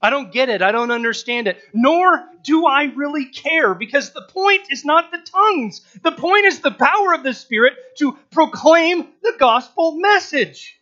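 A man preaching a sermon in a conversational, animated way, acting out the crowd's reactions. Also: very high-pitched, moderate pace, few pauses, highs cut off.

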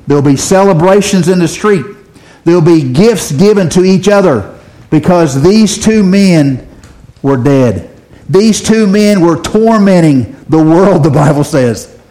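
A man preaching a sermon in a folksy way, his voice rising loud when he quotes scripture. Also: fairly high pitch, low-quality recording. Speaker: pastor.

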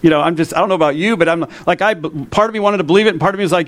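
A man's voice: a little high, very fast. A man preaching a sermon to his congregation in a church, in a conversational way, often asking the listeners questions. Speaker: pastor.

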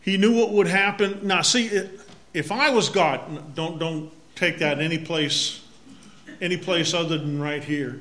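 Slow-speaking Massachusetts pastor. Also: male voice, fairly high pitch, pushed and bright. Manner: slow, conversational preaching with repeated scripture refrains. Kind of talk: sermon.

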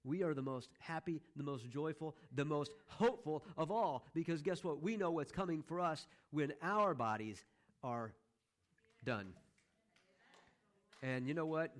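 Middle-aged male pastor, slightly high voice, emphatic sermon delivery with repeated refrains. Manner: emphatic, repeats key phrases, slows down for stress.

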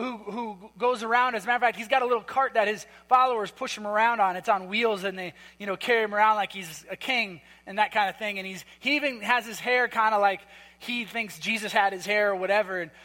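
A man preaching a sermon in a church hall, conversational and emphatic, with quick asides. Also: high-pitched, sharp tone. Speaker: pastor.

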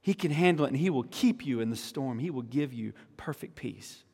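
A man preaching a sermon as pastor, moving between hushed teaching and rising, fervent proclamation. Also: mid-range voice, animated, brisk, creaky, big-room sound.

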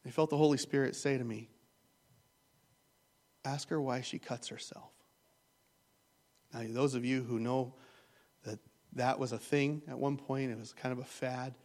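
A man's voice: medium pitch, a little mellow. A man preaching a sermon as pastor, retelling a story in an earnest, emotional way.

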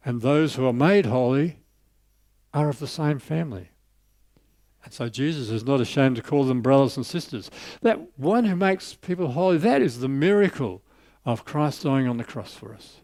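A man preaching a sermon, telling a story and lifting his voice on scripture before dropping soft on key lines. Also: mid-range voice, dry recording.

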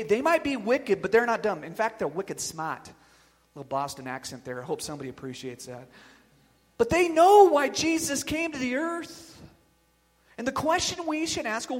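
A male pastor preaching a sermon, emphatic, with loud bursts on key phrases. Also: high voice. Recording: long reverb of a large hall.

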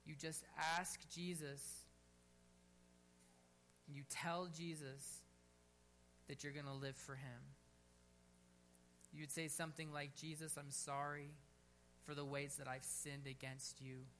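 A man preaching a sermon at a church service, fervent and urging, dropping to a quiet, gentle tone to lead prayer. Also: on the high side, level tone, slow pace, pauses often, soft background music. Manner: fervent, rising to near-shouts on bold exhortations, then quiet and gentle in prayer. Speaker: pastor.

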